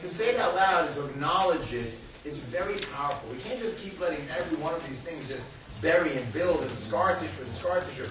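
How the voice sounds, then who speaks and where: A man speaking as a guest at a parenting talk, telling a lively personal story to a live audience and acting out the voices in it. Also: on the high side, a little fast, few pauses. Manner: animated, laughing, acts out voices in his stories. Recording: echoey hall, far mic, crowd noise.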